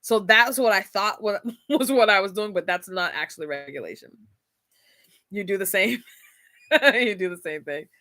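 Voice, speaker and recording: A woman talks casually about faith, laughing often and speaking directly to her listeners. Her voice is bright and forward at a middle pitch. The recording is close and dry. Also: moderate pace, no room sound. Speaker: podcast host. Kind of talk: casual faith-based talk.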